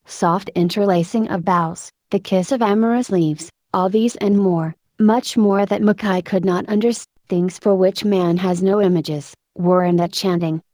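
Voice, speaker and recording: A woman narrating an audiobook in a measured, lyrical storytelling manner. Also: medium pitch, fairly even intonation, warm tone, dry recording. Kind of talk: scripted narration.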